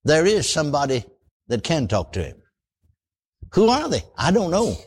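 A man's voice: a little high, huge pitch swings, moderate pace, breathy edge. A man preaching a sermon in a folksy style, often exclaiming praise and asking for amens. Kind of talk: radio sermon.

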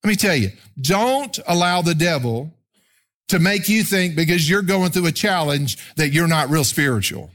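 A male pastor preaching a sermon, lively and emphatic, shifting from shouts to quiet storytelling. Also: moderate pace. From Oklahoma. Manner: animated preaching, swings from loud shouting to low storytelling. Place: church room with congregation.

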